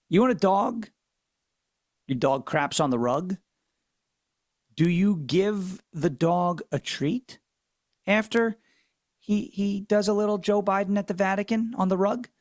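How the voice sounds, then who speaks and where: A male talk radio host speaks in a notably high voice, recorded close and dry in the studio. His monologue is opinionated and sarcastic, with mocking asides and hard, punchy emphasis on key words. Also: normal speed, dry recording.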